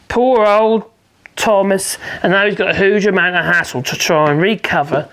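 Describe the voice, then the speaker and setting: A woman hosting her channel, reading a news story aloud and commenting on it sarcastically, with sighs and wry asides. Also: mid-range voice. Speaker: channel host.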